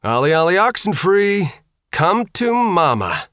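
A man voicing a tough, brash thirteen-year-old girl fighter who shouts and swears. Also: a little high, animated, moderate pace, no room sound, clean studio sound, voice pushed up. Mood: taunting.

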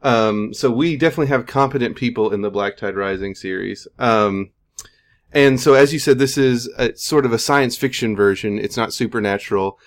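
Male podcast host, formal intros, loose questions, mid-pitched. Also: moderate pace. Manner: reads formal introductions, then asks questions in a loose, searching way. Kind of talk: introducing guests, interviewing.

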